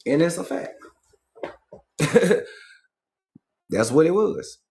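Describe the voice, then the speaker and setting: A man from Georgia, holding forth in a casual livestream monologue, animated and full of profane slang. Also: fairly high pitch, normal speed, gravelly. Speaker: livestream host.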